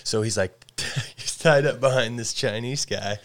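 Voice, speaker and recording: A man on a podcast as a guest, telling a story in an animated way that often breaks into laughter. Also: mid-range voice, a little slow. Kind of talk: casual chat.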